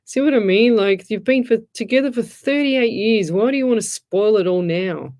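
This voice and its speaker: A woman's voice: fairly high pitch, normal speed, a little mellow. Middle-aged woman, psychic host type, rambly and frank, talks straight to her listeners. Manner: chatty, rambling, frank and blunt advice. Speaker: psychic medium radio host. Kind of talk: casual live-stream chat, reading out comments.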